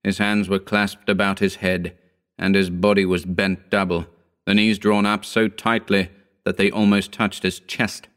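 A man narrating a horror story in a slow, grave, deliberate reading. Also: low voice, level tone, a bit bright, smooth.

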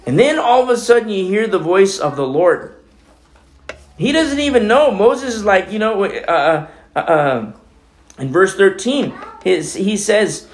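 A man's voice: sits high, big pitch swings, measured pace, roomy sound. A man preaching a conversational sermon as the pastor of a church, talking through a scripture passage with casual asides.

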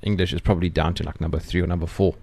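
A man with a South African accent in casual conversation, relaxed and hesitant, with plenty of ums and restarts. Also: low voice, very fast, slightly rough, dry recording. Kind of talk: casual chat.

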